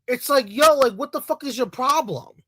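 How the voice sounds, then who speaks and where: A video creator from the Latino community in the United States rants in a heated, profane way, hammering the same points over and over in anger. The voice is high-pitched and fairly bright, at normal speed, with no echo.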